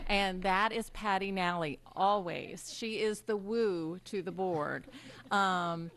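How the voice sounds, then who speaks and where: A woman presiding over a school board meeting, giving a formal tribute speech with many pauses and ums. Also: medium pitch. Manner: warm halting delivery with frequent ums. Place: public meeting room.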